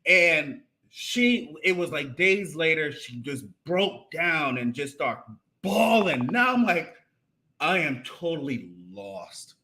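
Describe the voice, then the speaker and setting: An animated man co-hosting a marriage talk show, often circling back over his own words. His voice sits somewhat high and has a bright, forceful edge. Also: takes it slowly. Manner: animated, repeats and restarts phrases. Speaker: podcast co-host. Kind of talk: casual conversation about marriage.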